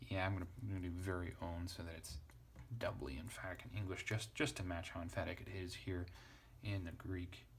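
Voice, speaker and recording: A man with a very deep, gravelly voice talks through a lesson in a casual way. He thinks aloud and spells out letters one by one as he parses. A faint hiss runs under the recording. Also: level tone, brisk. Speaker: Greek teacher.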